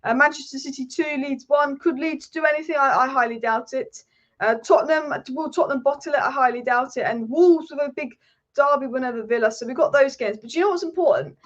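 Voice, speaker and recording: A woman who hosts a football channel streams live from home, fired up and ranting fast with real passion. Her voice is a little high, and the audio sounds dull and lo-fi.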